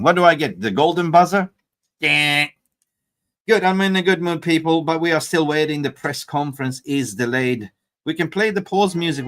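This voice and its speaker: A man's voice: fairly high pitch, fairly bright tone. A man hosting a casual live fan stream, joking loosely, swearing and reading viewer comments aloud. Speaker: fan channel livestream host.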